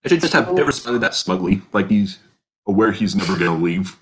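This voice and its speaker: A man's voice: deep voice, expressive, fairly quick, fairly bright tone. A man co-hosting a casual podcast, explaining his choices in long, rambling, self-correcting sentences. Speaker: podcast co-host, character creator.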